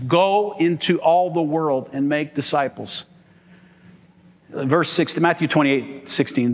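A man preaching a sermon to his church, emphatic and asking the congregation "amen?". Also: fairly high pitch. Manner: emphatic, call-and-response, asks "amen?". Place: church hall. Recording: long hall reverb.

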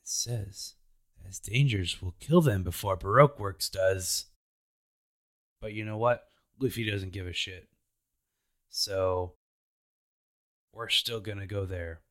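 A man's voice: lowish voice, fairly bright tone. A man casually retelling anime episodes as a podcast host, laid-back and playful. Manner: slow, laid-back retelling with playful put-on character voices. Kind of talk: casual recap chat.

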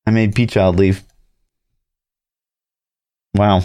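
A man with a deep, low-pitched voice talks casually as a podcast co-host. He rambles with plenty of fillers and blunt, profane remarks. The sound is dry and close, with no room around it. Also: expressive, normal speed, no echo.

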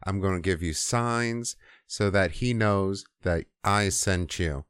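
A man's voice: deep voice, takes it slowly, a bit bright, clean tone, no echo, studio quality. A man voicing God as a blunt, impatient figure who talks in casual modern slang and swears.

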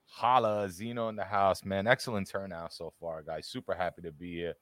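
A man's voice: low-pitched, fairly even intonation, a little fast, fairly bright tone, dry recording. Upbeat man hosting a live fan chat. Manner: upbeat, greets chat viewers by name. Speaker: podcast co-host. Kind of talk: casual live-stream chat. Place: home studio with green screen.

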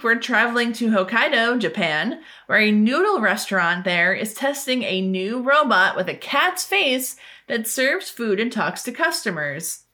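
A woman co-hosts a podcast, reading a news item and then riffing on it with giggly enthusiasm. Her voice is bright and rather high, and she talks at an unhurried pace. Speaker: podcast co-host. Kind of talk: casual segment reading with commentary.

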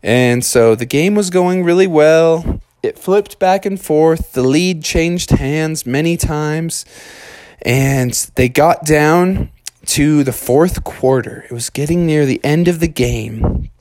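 A man's voice: on the high side, takes it slowly, a little mellow, no room sound. A man telling a made-up story to children in a loose, chatty way, with slang and fillers.

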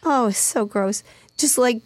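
A woman guest on a radio talk show, telling a story in a halting, giggly way with many fillers. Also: fairly high pitch, no room sound. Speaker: guest co-host. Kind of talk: casual radio chat. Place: radio studio.

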